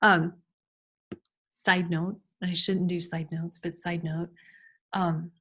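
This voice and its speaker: A woman's voice: fairly low pitch, little pitch movement, slow, a bit bright. A woman giving an informal online class to teachers over a video call, chatty with frequent restarts and fillers. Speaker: early childhood trainer.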